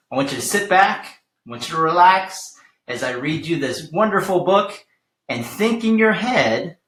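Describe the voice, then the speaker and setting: A man reading a picture book aloud to children in a gentle, encouraging way. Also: fairly high pitch, reverberant. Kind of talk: storybook read-aloud for children.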